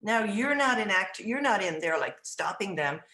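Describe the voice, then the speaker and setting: A middle-aged woman answers interview questions in a thoughtful, reflective way, starting over mid-sentence as she works out her point. She sometimes slips into the gentle words an educator would say to a child. Her voice sits at an ordinary pitch, and the room gives it a noticeable echo. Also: big pitch swings, moderate pace. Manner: thoughtful, reflective, with frequent restarts. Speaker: early childhood education director. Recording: roomy echo.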